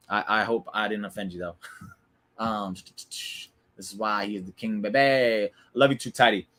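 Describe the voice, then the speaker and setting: A man's voice: lowish voice, sharp tone. A man hosting a casual wrestling recap stream, chatty and opinionated, talking back to viewers in the chat. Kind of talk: casual live-stream commentary.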